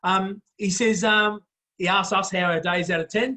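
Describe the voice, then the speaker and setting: A man's voice: high voice, steady tone, moderate pace, pushed and bright. An Australian man hosting a casual podcast chat, blunt and blokey, calling everyone mate. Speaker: host.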